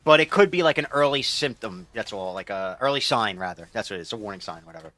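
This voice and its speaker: Bright, chatty male game streamer. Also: lowish voice, expressive, fast talker, no echo. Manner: rambling, loose and chatty with many fillers. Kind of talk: casual chat while gaming, reading viewer chat aloud.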